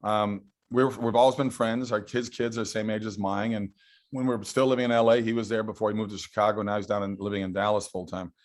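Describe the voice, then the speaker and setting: Middle-aged guy, lowish voice, chatting eagerly about his work as a guest. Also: little pitch movement, quick pace. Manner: enthusiastic storytelling. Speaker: guest actor. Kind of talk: casual interview chat.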